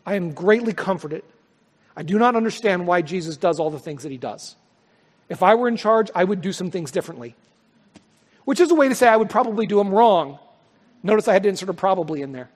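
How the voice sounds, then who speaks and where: A male pastor preaching a sermon, swelling to loud, high peaks and then dropping to soft, quiet lines. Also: lively intonation, brisk. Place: church sanctuary. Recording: long hall reverb.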